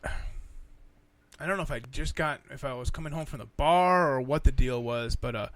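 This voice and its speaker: A man's voice: mid-range voice, normal speed, no echo. A man in casual, crude podcast banter, telling a story with lots of swearing and acted-out quotes. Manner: animated storyteller, swears a lot, acts out quotes. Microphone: podcast studio mic.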